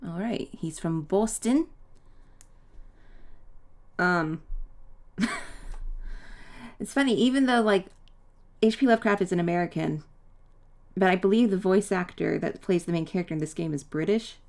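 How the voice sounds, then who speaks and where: Playing a video game, a woman chats casually in a let's play, wandering off on tangents and then apologizing. She speaks unhurriedly with frequent pauses, in a fairly low voice with a darkish tone.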